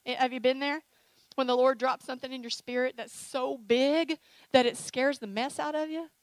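A woman preaching a sermon with an altar call, emotional and animated, with playful acted asides. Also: high voice, moderate pace, no echo, rough recording. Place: church sanctuary.

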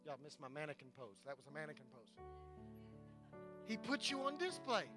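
A man's voice: on the high side, big pitch swings, brisk, long pauses, over music. A pastor preaching a sermon to his congregation, emphatic and repeating his points.

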